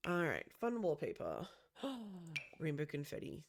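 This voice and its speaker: A woman's voice: fairly low pitch, wildly swooping pitch, a little slow, a little hiss or hum. A woman chatting casually with lots of gasps and "um"s as she builds a room in a life-sim game. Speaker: Sims builder. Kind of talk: casual gameplay commentary.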